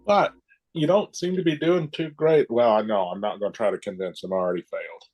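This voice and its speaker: A man's voice: on the low side, a little fast, darkish tone. A man playing a tabletop game who chats casually and thinks aloud. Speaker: player.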